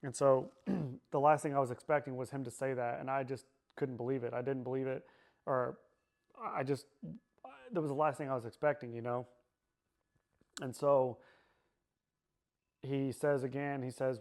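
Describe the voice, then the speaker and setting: Flat-voiced man recounting a painful memory. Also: mid-range voice. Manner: halting, repeats himself, many fillers. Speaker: survivor sharing his personal story. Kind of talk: personal testimony.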